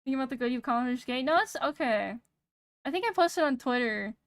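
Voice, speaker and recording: Soft-spoken young woman vtuber rambling, kinda monotone, high voice, dry close mic. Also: no room sound. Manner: rambling, pausing every few words. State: sick. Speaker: VTuber streamer. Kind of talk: casual chat stream. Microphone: streaming mic with noise gate.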